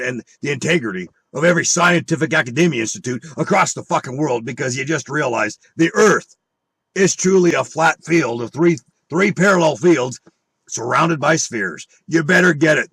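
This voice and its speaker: A man's voice: a little high, fairly bright tone, slightly rough, dry recording. A man on an angry monologue full of swearing and rhetorical questions. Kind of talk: angry profane rant.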